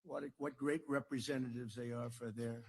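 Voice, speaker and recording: Brief: older American man, after-dinner speaker, raspy gravelly voice, slightly high, loose and repetitive, boastful. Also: steady tone, a little fast. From United States. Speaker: political speaker. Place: dinner hall.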